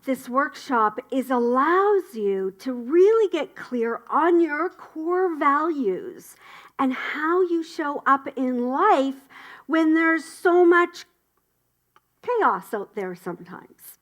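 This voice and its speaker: Woman announcer for a spiritual community gathering: high, bright voice, unhurried delivery, warm cheering enthusiasm. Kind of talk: upbeat church announcements.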